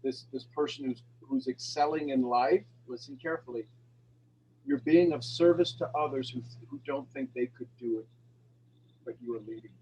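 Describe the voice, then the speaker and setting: A man's voice: mid-range voice, normal speed, dark tone, a little hiss or hum, rough recording. A man hosting a morning call, talking in a rambling, emotional and affectionate way. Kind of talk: casual heartfelt chat.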